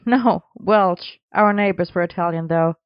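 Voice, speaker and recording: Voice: mid-range voice, measured pace, clean tone, dry recording, dull audio, lightly acted. A reader doing a shy, resigned young dancer. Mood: subdued.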